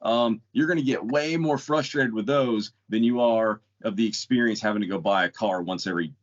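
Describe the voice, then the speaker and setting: A man's voice: lowish voice, fairly quick. A man, co-hosting a casual podcast. He tells stories bluntly and keeps restarting his sentences. The audio sounds dull and lo-fi. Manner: storytelling, blunt, rambling with restarts. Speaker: podcast co-host. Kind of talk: casual chat.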